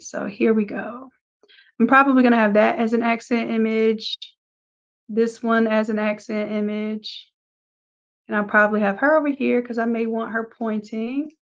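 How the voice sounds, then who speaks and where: A woman's voice: fairly high pitch, fairly even intonation, normal speed, lo-fi sound. Chatty woman teaching a live design class. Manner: casual, chatty, talks through each step. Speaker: design instructor. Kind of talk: live screen-share tutorial.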